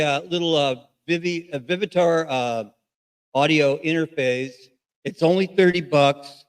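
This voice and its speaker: A man's voice: on the high side, measured pace, clean tone. A middle-aged man giving a casual, rambling gear review as a radio host, with many fillers and restarts.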